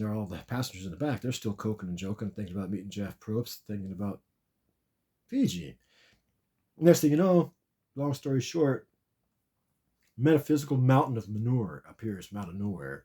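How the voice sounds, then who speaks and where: A man's voice: lowish voice, mellow. A man telling a long, rambling comic story about a dream, repeating and restarting his words often.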